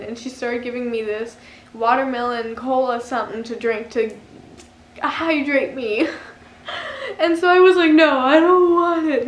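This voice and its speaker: Giggly high-voiced young woman vlogger. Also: fairly bright tone, echoey room, slight background noise. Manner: giggly, laughs often through the story. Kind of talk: casual storytelling.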